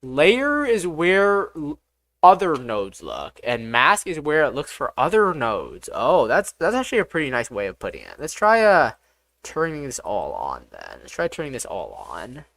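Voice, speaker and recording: A game developer streaming live, talking through each step aloud, excitable and swearing often. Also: medium pitch, normal speed, no room sound. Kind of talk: live-streamed coding commentary.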